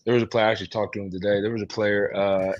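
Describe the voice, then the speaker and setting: Low-voiced man with a dull lo-fi sound. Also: flat delivery, rapid-fire. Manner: storytelling, peppered with "man" and "you know". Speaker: guest, former player working with team alumni. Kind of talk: casual podcast conversation.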